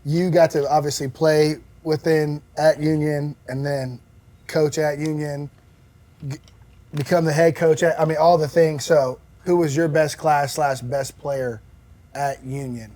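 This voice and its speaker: A man's voice: on the high side, level tone, measured pace, mellow. A man hosting a podcast, casually asking coaches questions. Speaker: podcast host.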